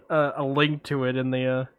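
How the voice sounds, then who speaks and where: A young man co-hosting a casual film podcast, joking and boastful, talking in quick bursts with fillers. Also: medium pitch, level tone, smooth, no room sound. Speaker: podcast co-host.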